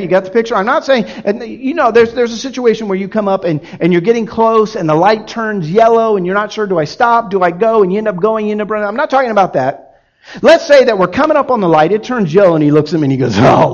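Animated male pastor, 40s, lively sermon delivery, lo-fi recording. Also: high voice. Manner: animated, acts out quoted voices in his examples.

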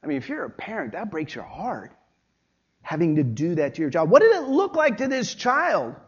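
A man delivers a sermon from the pulpit, his voice pitched a bit high and pushing hard on key words before falling quiet. The recording sounds dull and lo-fi. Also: very animated, normal speed, husky. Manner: emphatic preaching, swinging between loud and quiet. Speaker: pastor.

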